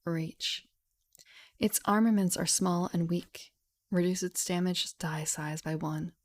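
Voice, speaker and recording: A young woman streamer reading a game rulebook aloud at home into a studio mic, softly and half-whispered, with chatty asides. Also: lowish voice, fairly even intonation, slow pace. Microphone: studio mic with pop filter.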